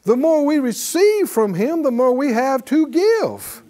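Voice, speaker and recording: A man's voice: very high-pitched, sing-song, measured pace, dark tone. A man teaching a Bible class in a preaching style, emphatic and calling on his audience for responses.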